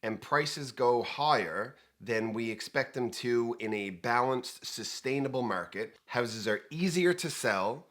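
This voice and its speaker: A man's voice: mid-range voice, a little slow, hardly any pauses. A man hosting a real estate talk show, chatting casually with jokes and rambling asides. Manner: lively, joking, rambling asides. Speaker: host.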